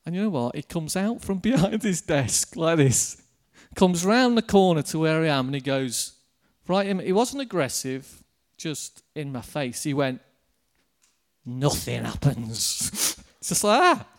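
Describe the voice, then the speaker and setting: Guy preaching, chatty storytelling sermon, laughs a bit, slightly higher voice. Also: measured pace. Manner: lively storytelling, chuckling, addressing congregation. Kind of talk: sermon with personal anecdote.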